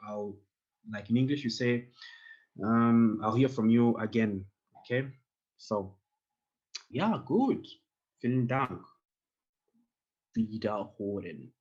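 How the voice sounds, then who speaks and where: A man's voice: fairly low pitch, a little mellow, breathy edge, highs cut off. A man teaching an online German class, patiently repeating phrases for learners to echo over a computer mic on a video call. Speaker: language teacher.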